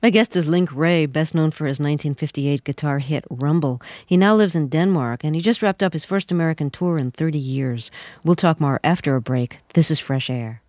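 A woman hosting a radio interview, introducing her guest and asking measured questions. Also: low-pitched, a little mellow, no room sound. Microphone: studio microphone.

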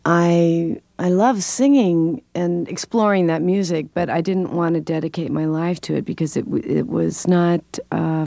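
Older woman jazz singer, low dry voice. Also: creaky, mellow, dry recording. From California. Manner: thoughtful, explanatory, laughs often. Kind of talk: interview conversation.

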